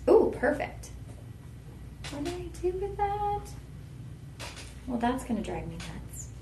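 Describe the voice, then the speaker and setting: A woman's voice: sits high, big pitch swings, slow pace, roomy sound, noisy background. A woman hosting a live shopping stream, chatty and heartfelt, talking straight to her viewers. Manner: chatty, heartfelt, folksy "y'all" address. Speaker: shopping channel host.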